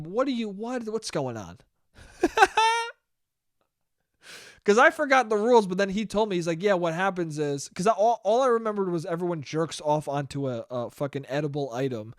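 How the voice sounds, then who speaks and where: A young man from New York hosting a solo comedy podcast, riffing with profanity, swinging from loud bursts to mumbled asides and high laughs. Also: lively intonation, normal speed, dry recording, clean studio sound. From New York (Westchester). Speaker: podcast host.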